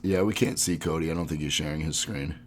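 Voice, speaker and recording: A man's voice: extremely low pitch, quick pace. A man hosting a live-streamed podcast while sick, reading gaming history notes and chatting casually. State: sick, under the weather. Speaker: podcast host.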